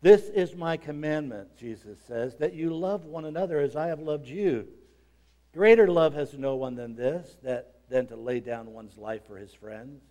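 A man delivering a sermon in a voice pitched a little high. He reads scripture and then expounds on it. His delivery swings dramatically, sinking low and soft before climbing into shouted emphasis. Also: unhurried. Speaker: preacher.

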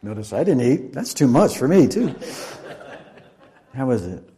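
A man's voice: mid-range voice, big pitch swings, measured pace, dark tone. A man preaching in a church, leading a Passover demonstration and joking playfully with volunteers. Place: church sanctuary.

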